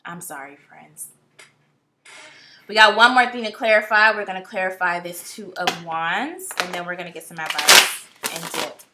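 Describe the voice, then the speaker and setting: In a lowish voice at a moderate pace, a woman works through a tarot reading vlog-style: casual, blunt, and chatty, often exasperated, with the odd swear word. Heavy background noise fills the clip.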